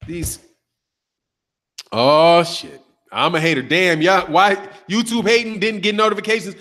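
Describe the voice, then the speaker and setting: Speaking a little slowly in a high voice, a boxing-channel host in his thirties reads through a live chat. He's casual and animated, swearing, trash-talking, and laughing a lot.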